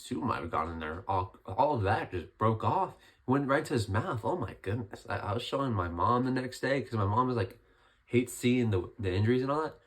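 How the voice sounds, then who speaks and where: A young man with a hoarse, worn voice, still getting over being sick, talking casually and rambling as he breaks down a fight night. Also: mid-range voice. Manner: chatty, rambling, lots of restarts. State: hoarse, recovering from illness. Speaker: MMA commentary vlogger.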